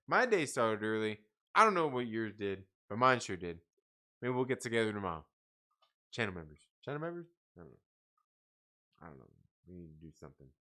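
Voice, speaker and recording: A man's voice: on the low side, very animated, fairly quick, long pauses, sharp tone. A tired man hosting a casual live stream, reading out viewer comments and chatting in a rambling, profane way with frequent laughs. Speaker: livestream host.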